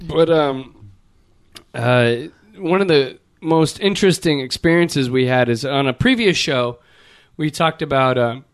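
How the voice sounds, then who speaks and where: A man telling a travel story in casual podcast chat, acting out the quotes with big jumps in his voice. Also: a little slow. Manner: animated, plays out quotes with big pitch jumps. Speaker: podcast regular.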